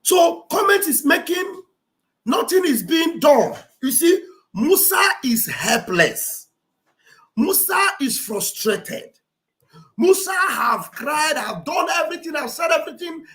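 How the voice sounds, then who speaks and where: A woman's voice: high-pitched, sing-song, takes it slowly, a bit bright. A woman giving mocking, exclamatory livestream commentary, repeating phrases for emphasis. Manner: acts out quoted speech with theatrical delivery.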